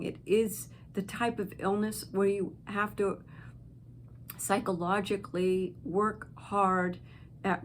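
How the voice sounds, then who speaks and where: A woman speaks slowly and gently, pausing often between her words. Her pitch sits in the middle of the range. A faint hiss of background noise runs under the recording. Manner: slow, gentle and heartfelt, with pauses. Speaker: channel host. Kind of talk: encouraging direct-to-camera talk.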